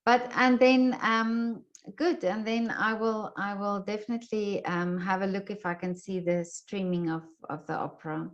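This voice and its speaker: A woman's voice: medium pitch, steady tone, moderate pace, few pauses, highs cut off. A woman hosting an interview over a video call, effusive and friendly, often restarting her sentences. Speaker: interviewer, host. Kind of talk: casual interview chat.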